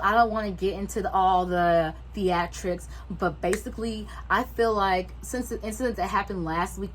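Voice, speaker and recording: A young woman vlogger telling a storytime, swearing freely and acting out everyone's lines in lively voices. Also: medium pitch, a little hiss or hum, poor audio. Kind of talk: storytime vlog.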